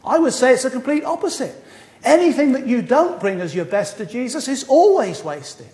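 A man's voice: very high-pitched, big pitch swings, normal speed, dark tone. A man in his sixties preaching a sermon, earnest with wry humorous asides. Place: church hall. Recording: echoey hall.

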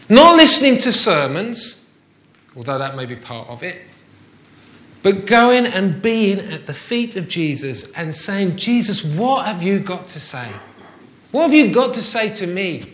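A man with a fairly high voice delivers a sermon from the front of a church. He keeps it conversational, tossing rhetorical questions at the congregation. The sound is roomy, with the reverberation of the church hall around his voice. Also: sharp tone. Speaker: pastor.

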